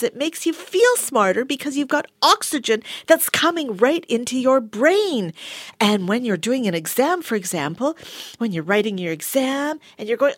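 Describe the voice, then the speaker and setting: A woman giving a motivational talk and guiding affirmations in a studio, animated, laughing often and dropping into soft whispers. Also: a little high, husky, no echo. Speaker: wellness speaker. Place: studio with a sound engineer.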